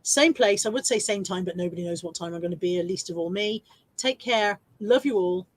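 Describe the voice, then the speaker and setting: A woman's voice: on the low side, fairly quick, rough recording. A woman chatting casually on her regular live stream, laughing often and joking at her own expense.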